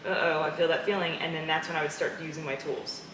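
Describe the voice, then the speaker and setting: A woman in a casual interview conversation, an animated storyteller who laughs often. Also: low-pitched, quick pace. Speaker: guest. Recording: echoey room with clear background noise.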